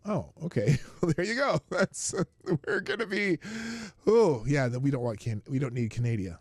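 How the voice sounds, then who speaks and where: A man's voice: a little high, expressive, moderate pace, no echo, studio quality. Minnesota guy hosting a live stream, reads the news, cracks sarcastic jokes, voice bounces up and down. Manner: sarcastic, laughs at own jokes. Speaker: livestream host. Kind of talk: reading news with joking asides.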